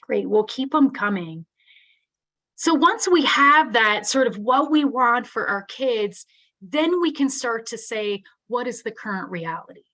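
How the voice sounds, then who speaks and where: A middle-aged woman with a somewhat high voice delivers a live online keynote on special education. Her tone is earnest and conversational, and she often tags her points with "right?" as she talks to the audience. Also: animated, slow pace, fairly bright tone.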